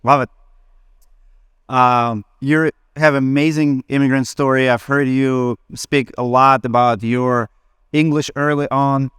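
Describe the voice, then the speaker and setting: Smooth-voiced man. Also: medium pitch, fairly even intonation, slow, fairly bright tone, no echo, studio quality. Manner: hesitant, with fillers and non-native grammar. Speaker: conference host asking a question. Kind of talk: questions on stage.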